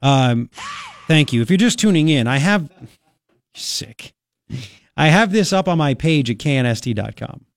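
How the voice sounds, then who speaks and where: Sarcastic talk radio host, dry studio sound. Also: male voice, fairly high pitch, lively intonation, moderate pace, pauses often, no echo. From Long Island, New York. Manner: sarcastic, jokey, many fillers and restarts. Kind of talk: opinionated talk radio monologue. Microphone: studio microphone.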